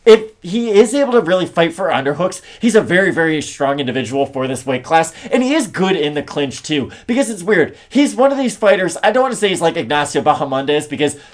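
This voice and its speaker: A man co-hosting a casual chat about an upcoming MMA fight, talking in a lively way with plenty of fillers. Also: on the high side, a little fast, hardly any pauses. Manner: lively, conversational, lots of fillers. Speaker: MMA analyst co-host.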